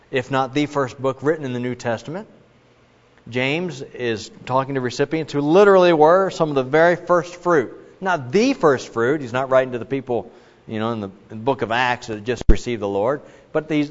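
A man preaching a sermon in an emphatic way, with many asides and restarts. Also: medium pitch. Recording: muffled, with long reverb in a large hall.

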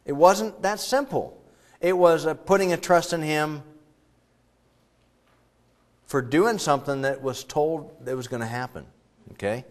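A man's voice: on the high side, a little slow, long pauses. Man preaching in a chatty, rambling way. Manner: conversational, digressive, breaks into loud acted quotes. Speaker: pastor. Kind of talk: sermon.

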